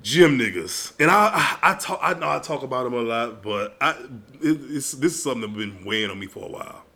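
Man, casual comedic monologue, high voice, gravelly fry, bright tense tone, loud and profane. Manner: animated, profane, loud storytelling with frequent laughs.

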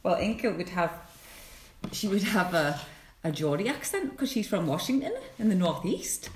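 A woman's voice: lowish voice, sing-song, moderate pace, a little hiss or hum. Giggly Scottish woman in a roomy space. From Scotland. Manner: giggly, chatty, scattered. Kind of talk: casual chat.

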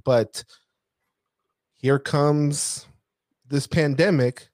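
A man's voice: mid-range voice, steady tone, slow pace, long pauses, a little mellow, no echo, studio quality. A man in a casual business conversation, recounting his accounting firm's experience and repeating key phrases for emphasis. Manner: storytelling, repeats himself for emphasis. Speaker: accounting firm owner.

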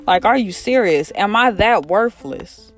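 Preacher doing an indignant young man, bewildered, incredulous questions, pitch pushed a little higher than the teller's own, faint music behind. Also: lively intonation, unhurried, lightly acted. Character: young man sold by his brothers, stunned and indignant.

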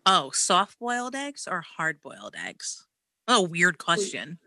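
A woman co-hosting a podcast, chatting in a relaxed, joking way. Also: on the low side, takes it slowly, no echo. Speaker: podcast co-host. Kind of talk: casual chat.

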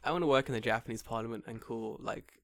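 A man's voice: mid-range voice, fast talker, no room sound. A man co-hosting a podcast in casual chat, joking, swearing freely and slipping into put-on voices. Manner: animated, swearing, jokey, puts on voices. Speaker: podcast co-host.

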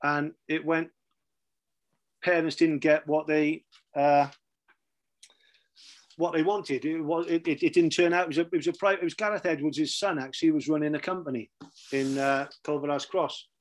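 With a Welsh accent and a fairly high, fairly even voice, a middle-aged man chats through stories from his career at a moderate pace with long pauses. He laughs a lot and repeats "right?" to drive his points home.

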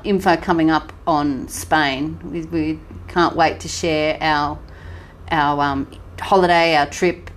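Chatty Australian woman, low voice. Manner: chatty, animated storytelling with laughs. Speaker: podcast co-host. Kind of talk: casual travel chat.

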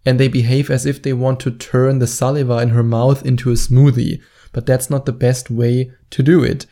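A man's voice: medium pitch, little pitch movement, normal speed, warm tone. A man giving dating advice straight to camera in a confident, instructive way, stretching words out for emphasis. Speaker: dating coach. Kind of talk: direct-to-camera advice monologue.

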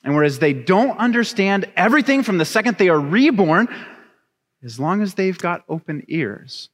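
A young adult man preaching a sermon, reading scripture and then telling a chatty, animated story with laughs. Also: high-pitched, moderate pace. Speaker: pastor. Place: church sanctuary. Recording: long reverb of a church hall.

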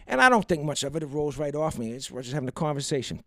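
A man's voice: a little high, big pitch swings, very fast, hardly any pauses, sharp tone, no echo, clean studio sound. A man telling a long personal anecdote in a rambling, wry, profane way. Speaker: storyteller. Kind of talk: casual anecdote monologue.

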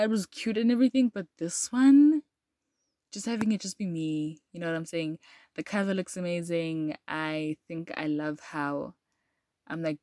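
A young woman chats loosely on her solo podcast and leans on "like" a lot. Her voice sits a little low, and it keeps bouncing up when she gets animated. The sound is close and dry, with no room around it. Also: dry recording. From South Africa. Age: young adult. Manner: chatty and rambling, with frequent "like" and animated jumps in pitch. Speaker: podcast host. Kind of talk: casual solo podcast chat.

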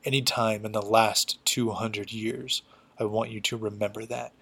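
A mystical snow beast that threatens in a hushed, steady voice, as a man voices it. The threat comes out flat and quiet. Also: lowish voice, moderate pace, creaky, breathy edge, heavily acted. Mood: menacing.

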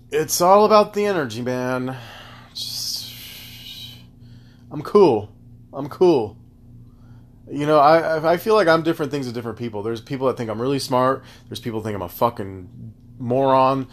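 A man hosting a casual solo podcast, rambling through tangents in a loose, profane, animated way. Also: mid-range voice, unhurried, pauses often. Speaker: podcast host.

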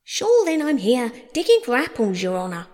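A woman's voice: a little high, very animated, normal speed, a little mellow, big-room sound, pitched above the performer's own voice. A woman voicing a simple, deferential male servant who speaks humbly with an Irish accent. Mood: cheerful.

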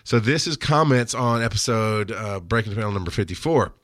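A man's voice: fairly low pitch, a little fast, dry recording. Guy hosting a podcast, joking around, dry close sound. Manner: laughing, animated and joking. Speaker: podcast host. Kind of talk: casual podcast banter.

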